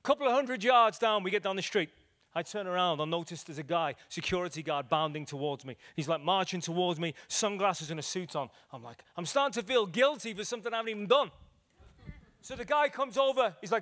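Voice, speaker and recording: A man preaches to a church gathering, his voice sitting a little high for a man. He tells stories with lively energy, slipping into the voices of the people in them. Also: fairly quick. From Liverpool, England. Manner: animated storyteller acting out dialogue. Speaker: evangelist preacher. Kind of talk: storytelling evangelistic sermon. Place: church meeting room with audience.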